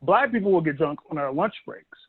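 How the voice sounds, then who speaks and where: High-voiced man telling stand-up jokes over a phone. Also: a little fast, slightly rough. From Dallas, Texas. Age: 30s. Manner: conversational, animated storytelling with acted-out quotes. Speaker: stand-up comedian. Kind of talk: stand-up comedy set. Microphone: phone held by his son. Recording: thin phone-like audio.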